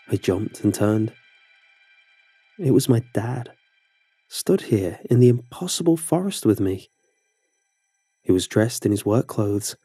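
Low, husky horror narrator. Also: male voice, mellow, no echo.

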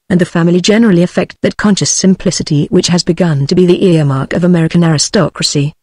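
A woman's voice: lowish voice, dry recording. British synthetic woman narrator, dry sound. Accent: British English. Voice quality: even, machine-smooth delivery.

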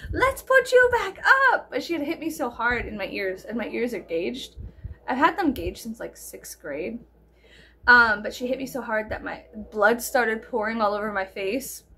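A woman's voice: a little high, a bit bright. A woman in her thirties from South Texas rambling through a casual story with heavy fillers and free swearing. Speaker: storyteller vlogger. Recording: faint background noise.

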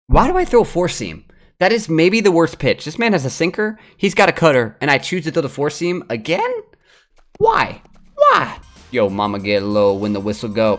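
A young man giving crude, excitable live commentary while he plays a video game, trash-talking and yelling at the screen. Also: on the high side. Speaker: gaming streamer.

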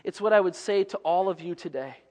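Male pastor, fairly high voice, conversational sermon, big reverberant hall. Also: fairly quick. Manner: conversational preaching, drops to hushed tones.

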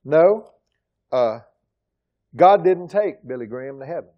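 A middle-aged man preaching a sermon as pastor, emphatic, swinging from loud exclamations to quiet asides. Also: a little high, lively intonation, a little slow, dull audio. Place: church sanctuary.

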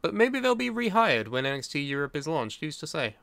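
Male podcast co-host, crisp voice, dry close sound, blunt, swears a lot. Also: a little high, sing-song, a little fast, fairly bright tone, no room sound. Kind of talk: casual podcast banter.

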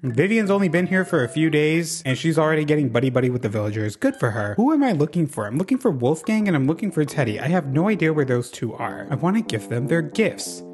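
A man hosting his channel with casual gameplay commentary, sassy and gossipy, swearing freely and swinging from loud bursts to low mutters. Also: very animated, fast, hardly any pauses, soft background music. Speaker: channel host.

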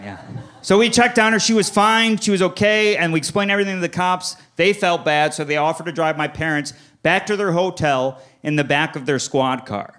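A man's voice: on the high side, a little fast, sharp tone, clear, resonant tone. A man doing stand-up comedy on a club stage, telling stories animatedly and slipping into exaggerated voices for family members. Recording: live club recording with audience laughter.

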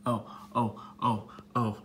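A young man talking casually and dramatically to a trapped wasp, swinging between hushed whispers and loud exasperated outbursts. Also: mid-range voice, flat delivery, slow pace, a little hiss or hum. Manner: dramatic, exasperated, slangy, drops to whispers and bursts into loud outcries. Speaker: vlogger.

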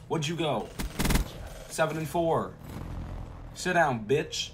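A man giving profane, trash-talking commentary over a shooter game, with sudden loud outbursts. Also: a little high, expressive, takes it slowly, noisy background. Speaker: gaming YouTuber. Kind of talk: gameplay commentary.

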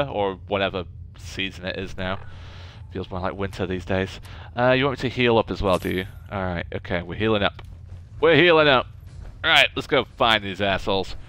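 Jokey gaming commentator, bright voice. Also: male voice, on the low side, smooth. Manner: chatty, jokey, talks to game characters. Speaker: gaming YouTuber. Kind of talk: let's play commentary.

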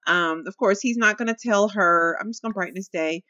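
A young woman chats casually over her gameplay in a let's-play, talking straight to her viewers and laughing often. Her medium-pitched voice is bright and forceful, and she speaks a little fast. The recording is lo-fi with no room sound.

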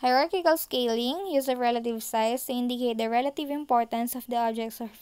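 A woman's voice: fairly high pitch, a little fast, darkish tone, clean tone. A woman teacher with a Filipino accent explains art concepts from slides, switching between English and Tagalog and often checking in with her students. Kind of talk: recorded online lecture over slides.

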